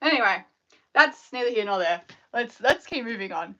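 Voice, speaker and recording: A woman, chatting on her live stream in an animated, rambling way full of fillers. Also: on the high side, normal speed, lo-fi sound. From Australia. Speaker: scrunchie maker hosting a live stream. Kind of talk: casual live-stream chat.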